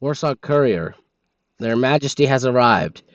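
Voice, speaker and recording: A man's voice: mid-range voice, animated, unhurried, dry recording, muffled recording. A man streaming a game, reading its in-game documents aloud in a sleepy manner and stumbling over foreign names.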